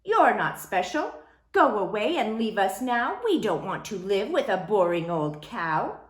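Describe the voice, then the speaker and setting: A woman's voice: medium pitch, big pitch swings, a little slow, roomy sound. A woman voicing haughty, unfriendly zoo animals that speak in a snooty, dismissive way.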